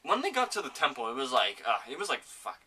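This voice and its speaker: A man hosting a casual home podcast, rambling excitedly about a video game and swearing often. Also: mid-range voice, fast, breathy edge, far from the mic. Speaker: podcast host. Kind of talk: casual gaming chat.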